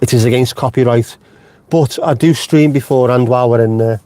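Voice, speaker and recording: A man's voice: medium pitch, fairly quick, dark tone. A middle-aged man hosting a casual live stream from inside his car, chatty and jokey, swearing freely and wandering off on tangents. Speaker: vlogger host.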